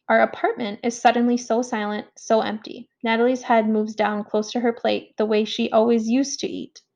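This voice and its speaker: A woman reading a first-person story aloud as an audiobook narrator, in a measured, reflective way. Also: fairly high pitch, gravelly, a little mellow, muffled recording.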